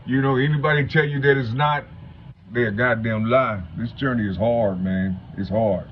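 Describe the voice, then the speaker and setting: Here a man in his fifties, a vlogger from Cincinnati, Ohio, keeps a steady tone at normal speed while addressing viewers. What he says comes out as a stuttering, rambling stream of salty street talk, with heavy swearing and repeated "you know what I'm saying." The audio is a dull, low-fi home recording with a faint hum.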